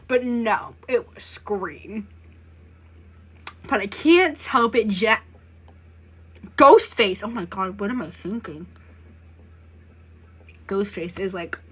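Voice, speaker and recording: A young woman reacting to an interactive story, excitable and dramatic, with lots of giggles and sassy asides. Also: medium pitch, husky. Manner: excitable, giggly, dramatic, calls the viewer babes. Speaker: content creator.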